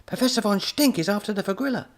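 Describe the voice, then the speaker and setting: A man voicing an excitable young boy hero who shouts with breathless urgency in a storybook. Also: high-pitched, fast talker, pitched above the performer's own voice. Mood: urgent.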